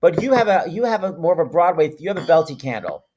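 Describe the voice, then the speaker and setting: Excitable joking male host. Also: fairly high pitch, background noise. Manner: excitable, joking, quick banter. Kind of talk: casual livestream chat.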